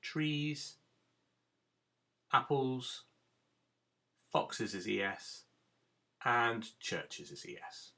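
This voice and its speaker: A man's voice: on the low side, slow pace, vocal fry, pushed and bright. A man teaching a recorded phonics lesson to young children, giving patient step-by-step instructions. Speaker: primary school teacher.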